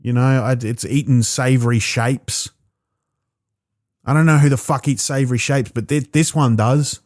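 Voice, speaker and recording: A man's voice: mid-range voice, fairly even intonation, darkish tone. A man performing a rambling, profane stand-up routine alone in a small room. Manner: rambling, profane storytelling with quick asides. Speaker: stand-up comedian.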